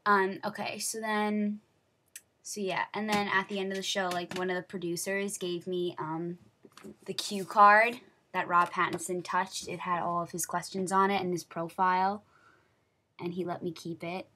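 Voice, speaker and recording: A teenage girl recounts her day in a chatty vlog, her voice bright and forward. She gushes along, packing her sentences with fillers and tumbling from one thought to the next. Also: fairly low pitch, moderate pace, a little hiss or hum. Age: teens. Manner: gushing, excitable, many "like" fillers. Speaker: vlogger. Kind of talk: casual storytelling vlog.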